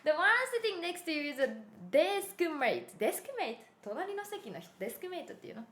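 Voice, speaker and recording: A woman whose first language is Japanese chats on a live stream in a fairly high, giggly voice. She mixes in Japanese phrases as she talks. The room is echoey, with a faint ambient hum behind her. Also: big pitch swings, quick pace, fairly bright tone. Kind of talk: casual live-stream chat.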